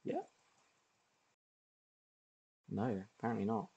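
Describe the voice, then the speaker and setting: Laid-back male streamer, unhurried delivery, chatty, quick to laugh. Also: lowish voice, vocal fry, husky, muffled recording. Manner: relaxed, chatty, laughs often. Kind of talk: casual gameplay commentary.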